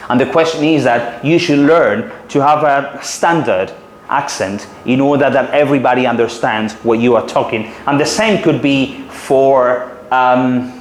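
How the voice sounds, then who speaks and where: Spanish man in his forties teaching. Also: medium pitch. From Spain. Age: 40s. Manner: confident, explanatory, with hesitant fillers. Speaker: city guide trainer. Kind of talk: workshop talk to trainees. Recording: roomy hall with faint room noise.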